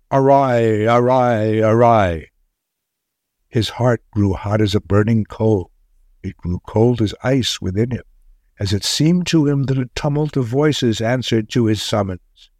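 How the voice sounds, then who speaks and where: A man reading a story aloud in a measured, solemn way. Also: on the low side, a little mellow, no room sound, studio quality. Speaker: narrator. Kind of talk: scripted story narration.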